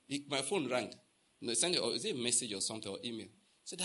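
A man's voice: mid-range voice, very animated, quick pace, bright, forceful tone, breathy edge. A Nigerian man preaching a sermon, telling stories and acting out the dialogue, repeating lines for emphasis and asking the congregation questions. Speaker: pastor.

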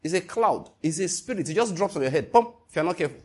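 A man preaching a sermon, animated and emphatic, asking his listeners one rhetorical question after another. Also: high-pitched, fast, breathy edge.

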